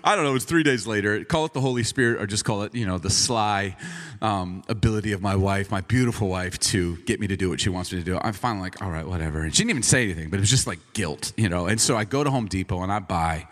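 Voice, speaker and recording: A man in his forties, a pastor, telling a funny story in a sermon in an animated, self-mocking way. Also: on the low side, fast, long reverb tail.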